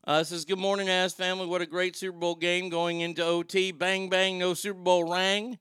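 A man's voice: high voice, level tone, moderate pace, a bit bright, smooth, no room sound, studio quality. A man hosting a casual live chat, reading viewer comments aloud and swearing freely. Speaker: talk show host reading chat.

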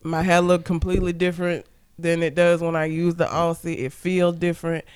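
A woman's voice: fairly low pitch, level tone, brisk, a little mellow, clear, resonant tone. A young woman co-hosting a casual chat, candid and laughing often as she tells stories. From Southern United States. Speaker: podcast co-host.

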